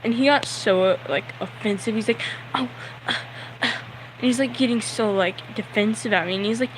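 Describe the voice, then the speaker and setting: A man's voice: high voice, fairly quick, a bit bright, a little hiss or hum, low-quality recording. A young man telling a story on a livestream, nervous and sweaty, talking in a rambling way full of "like" and acting out the people in his story.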